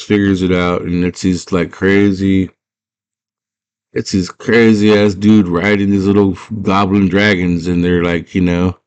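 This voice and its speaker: A man's voice: sits low, darkish tone. A man casually retelling a movie plot, rambling and slangy with lots of fillers. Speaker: movie fan.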